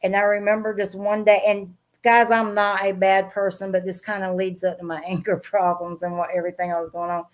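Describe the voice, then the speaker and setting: A middle-aged woman with a Southern accent talks through her past in a loose, frank way. She is blunt and quick to laugh at herself, speaking at an everyday pitch. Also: little pitch movement. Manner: blunt, frank, laughs often while telling stories. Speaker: guest. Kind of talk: casual storytelling interview.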